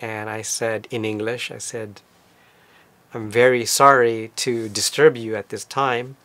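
A man casually recounting a trip as a vlogger, in a relaxed, conversational storytelling manner. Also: medium pitch, measured pace, dry recording. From lives in Tokyo. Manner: relaxed, conversational retelling with fillers.

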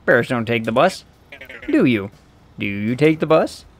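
A man's voice: mid-range voice, big pitch swings, a little slow. A man voicing a friendly, chatty male bus depot keeper who rambles in a folksy way, read aloud from a video game.

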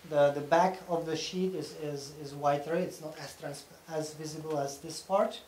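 A man presents at a technical conference, walking through each point step by step and pausing to check that the audience is following. His voice sits somewhat high. The hall around him echoes, with a faint hum of room noise beneath. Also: steady tone, a little mellow. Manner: explains step by step, often checking in with "okay?". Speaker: conference speaker.

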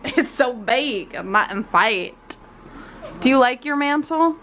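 A young woman vlogging casually at home, bubbly, often switching to high baby talk with her dogs. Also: expressive, takes it slowly, a bit bright. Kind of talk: casual vlog chat. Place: home, indoors and out in the snow.

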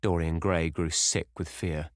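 A man with a very deep voice reads a classic novel aloud in grave, measured narration. The sound is dry and close, with almost no room in it. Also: steady tone, no echo. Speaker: audiobook narrator.

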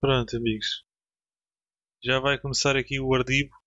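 Casual Portuguese-accented gamer commentating. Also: male voice, medium pitch, little pitch movement, a little fast, bright, forceful tone, no echo, muffled recording. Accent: European Portuguese. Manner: chatty and swearing, reacting to the game. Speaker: gaming channel host. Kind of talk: casual let's play commentary.

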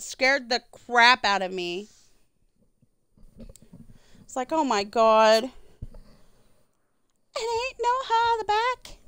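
A high-voiced middle-aged woman chats through a gaming livestream, talking in an unhurried drawl. She swears freely and sings along to bits of songs. The sound is close and dry, with no room around it. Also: bright, forceful tone, smooth, no echo. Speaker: streamer. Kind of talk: casual gaming livestream chat.

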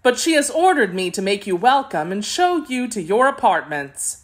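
A woman's voice: mid-range voice, big pitch swings, moderate pace, natural voice. A woman doing a pert, eager young palace maid. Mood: helpful.

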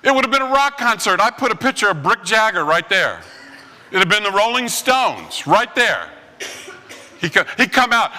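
A pastor preaches a light, joking sermon and tells stories packed with puns. He is a man with a very bright, forceful voice that sits a little high. His words ring out with the long reverb of a large church sanctuary. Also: very animated, normal speed. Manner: joking storyteller full of puns. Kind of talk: humorous sermon.

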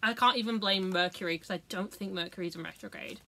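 A woman's voice: medium pitch, quick pace, sharp tone. A woman, chatting casually through a makeup tutorial, sweary, giggly and self-mocking. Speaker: beauty vlogger.

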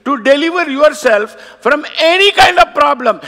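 A man preaching a sermon as pastor, emphatic and building to shouted declarations, acting out quoted voices. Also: extremely high pitch, expressive, unhurried, hardly any pauses, long reverb tail. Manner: acts out quoted voices and scripture.

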